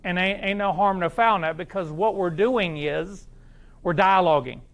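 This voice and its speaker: A man with an Oklahoma accent gives a live seminar to a crowd, talking in a folksy, animated way and throwing questions at the room. His voice sits high for a man. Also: normal speed. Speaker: seminar speaker.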